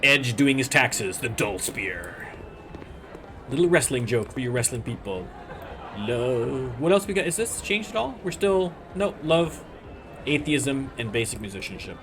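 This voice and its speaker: A man's voice: medium pitch, lively intonation, moderate pace, noisy background. Joking canadian man chatting over a game. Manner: joking, rambling. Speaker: gaming channel host. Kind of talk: casual let's-play chat.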